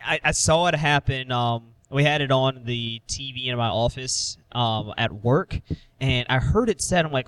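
A man hosts a casual sports podcast in a mid-pitched voice and steers the chat between guests. He laughs easily, and the sound is dry and close to the mic. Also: normal speed, a bit bright, no echo. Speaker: podcast host.

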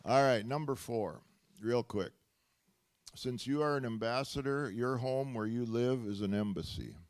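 A man preaching a sermon, telling stories with animated delivery, laughing often and rising to loud exclamations. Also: medium pitch, a little slow. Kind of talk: sermon storytelling.

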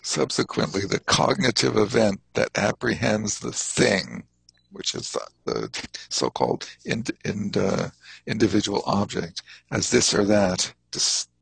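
A husky, gravelly man leads a class, his voice rising and falling a lot. He explains terms in a thoughtful, halting way, pausing to spell out foreign words. His voice sits low and is recorded close and dry. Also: fairly bright tone, dry recording, low-quality recording. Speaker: Buddhist teacher. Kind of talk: teaching a class.

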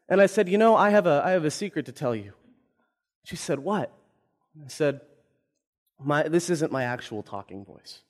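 A man in his twenties, a pastor, giving a sermon with personal stories told with humor. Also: sits high. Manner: storytelling, self-deprecating humor.

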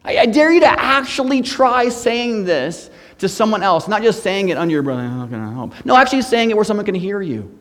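A man's voice: high-pitched, very animated, brisk. Middle-aged man preaching in a reverberant hall. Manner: humorous, swings between soft and loud. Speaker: guest pastor. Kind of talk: sermon. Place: church sanctuary.

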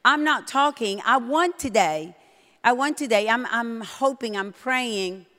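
A middle-aged woman preaching a sermon in a church, bold and emphatic, getting loud when excited. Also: on the high side, measured pace. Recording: long hall reverb.

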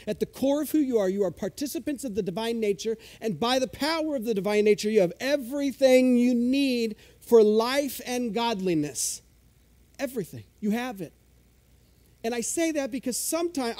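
High-voiced, mellow, chatty male pastor. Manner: conversational, self-deprecating, explains Greek words with excitement. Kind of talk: sermon.

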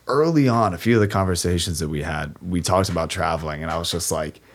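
A man's voice: low-pitched, quick pace. A man co-hosting a podcast, telling rambling, laid-back anecdotes in casual chat.

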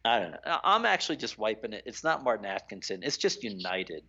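A man's voice: fairly low pitch, sing-song, fast, gravelly, sharp tone, muffled recording. A man co-hosting a casual sports chat, ranting animatedly with lots of fillers. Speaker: podcast co-host.

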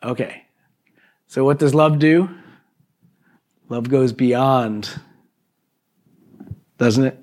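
A man's voice: mid-range voice, drawn-out words, pauses often, darkish tone. A male pastor preaching a sermon to a congregation, in a chatty style with frequent "okay" and "right?" asides, acting out quoted exchanges with his neighbor. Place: church service before a congregation.

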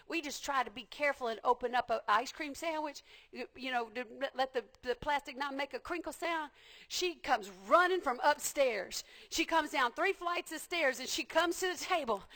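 A woman preacher delivering a passionate sermon, repeating phrases and building to shouts. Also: high voice.

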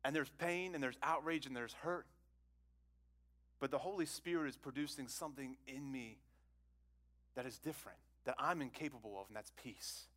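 A man preaching a sermon to a congregation, conversational and repetitive, asking them questions and swinging between loud exclamations and hushed phrases. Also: mid-range voice, normal speed, pauses often. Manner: conversational, repeats words, asks the congregation questions. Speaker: pastor.

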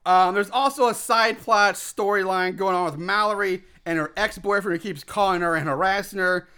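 A man's voice: high-pitched, moderate pace, pushed and bright, clean tone. A man co-hosting a podcast, recapping a movie in an exasperated, profane rant. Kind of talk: casual chat.

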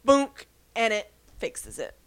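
A woman's voice: fairly high pitch, big pitch swings, takes it slowly, smooth, dry recording. A woman co-hosting a podcast, casually recapping a TV episode and playfully quoting the characters as she laughs along. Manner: chatty storyteller, quotes characters in playful voices, laughs often. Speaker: podcast co-host.

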